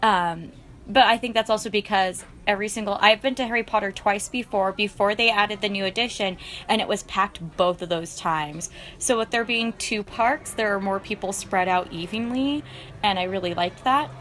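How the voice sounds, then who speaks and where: A woman's voice: medium pitch, normal speed, a bit bright. A young woman vlogger narrating her travel footage in a chatty, gushing way, full of fillers. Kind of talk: casual vlog voice-over.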